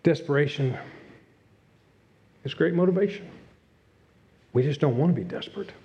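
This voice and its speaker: A middle-aged man preaching a sermon as pastor, earnest, dropping to a hush and rising again. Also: on the high side, moderate pace. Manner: earnest, swings from loud to hushed. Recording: dull lo-fi sound.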